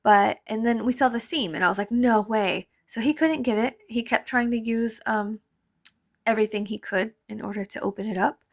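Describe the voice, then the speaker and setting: A young woman talks over her own footage in a loose, rambling way, dropping casual swears and little laughs. Her voice sits a bit high, with a gravelly, fried edge on it. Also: moderate pace. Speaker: vlogger. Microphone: voice-over mic.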